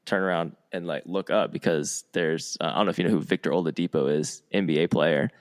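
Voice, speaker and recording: A man's voice: low-pitched, fairly even intonation, a little fast. A man hosting a podcast, telling a rambling anecdote in casual chat. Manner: rambling anecdotes with restarts and laughs. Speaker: podcast host.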